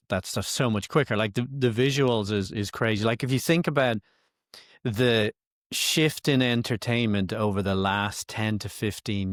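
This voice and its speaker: A man's voice: lowish voice, dry recording, studio quality. A man co-hosting a podcast in casual chat, explaining his points thoughtfully with frequent restarts. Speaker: podcast co-host.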